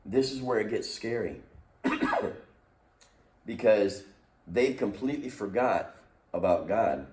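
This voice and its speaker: A man's voice: on the low side, expressive, slow pace, pauses often, a little mellow. A man leading a recorded youth lesson as youth pastor, teaching in an earnest, emphatic way. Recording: roomy echo, distant mic.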